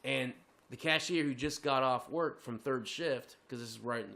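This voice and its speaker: A man co-hosting a comedy podcast who tells a profane, animated story and keeps laughing as he talks. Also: medium pitch, normal speed, gravelly. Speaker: podcast co-host.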